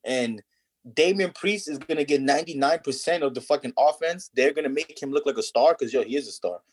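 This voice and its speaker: A man's voice: a little high, a little fast, breathy edge. A man in casual podcast chat about wrestling, talking animatedly with heavy street slang and profanity.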